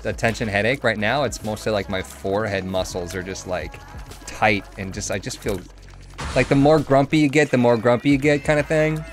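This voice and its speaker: A man's voice: lowish voice, normal speed, faint music behind. A man streaming a video game, chatting casually and rambling, swearing now and then. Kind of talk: casual gameplay chat.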